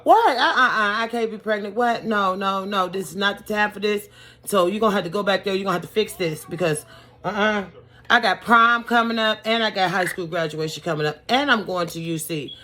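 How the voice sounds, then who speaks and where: A woman voicing a brash, defiant teenage girl who exclaims loudly and sassily in a retold story. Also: mid-range voice, brisk, faint music behind, lightly acted. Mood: frantic. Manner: loud, sassy, exclaiming.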